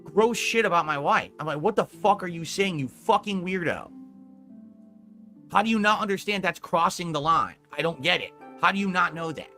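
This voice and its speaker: A man's voice: high voice, lively intonation, moderate pace, bright, forceful tone, soft background music. A man streaming, scolding a viewer in a profane, emphatic rant.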